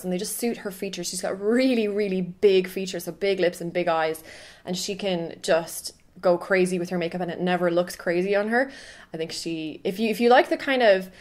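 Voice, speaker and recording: Irish woman vlogging, chatty and gushy, says like a lot, mid pitch. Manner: chatty, gushing, lots of filler "like". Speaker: makeup artist. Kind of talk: casual vlog recommendations.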